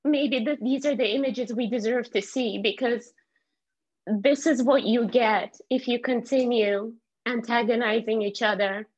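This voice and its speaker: A woman in her thirties from Azerbaijan speaks with a fairly high voice, earnest and candid, pausing and restarting as she searches for the right words. The sound comes over a muffled, lo-fi video call connection. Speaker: meeting participant. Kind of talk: candid personal testimony in an online meeting.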